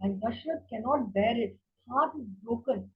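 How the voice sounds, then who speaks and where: Lady telling kids a story, super husky breathy voice, a bit high, lots of uh and restarts, muffled lo-fi. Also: moderate pace. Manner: animated, many fillers and restarts. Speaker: children's storyteller. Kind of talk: storytelling class for children. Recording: dull lo-fi recording.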